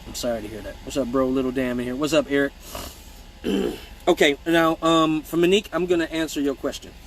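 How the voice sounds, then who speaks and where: A man of medium pitch speaks a little fast on a rough recording carrying a faint hiss or hum. He hosts an informal live-stream Q&A as an exotic dancer, reading viewer comments aloud and answering with blunt, swear-filled, animated storytelling.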